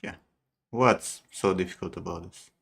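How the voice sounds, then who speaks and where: A man on a livestream with a somewhat low voice. He chats casually and jokes bluntly. Swear words come out freely. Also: moderate pace, vocal fry, a bit bright, slightly rough. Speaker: streamer.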